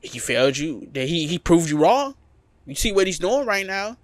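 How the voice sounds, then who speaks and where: A man's voice: on the high side, sing-song, moderate pace, dry recording. A man co-hosting a casual sports podcast, making his case with emphatic repetition. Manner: emphatic, repeats points for emphasis. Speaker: podcast co-host.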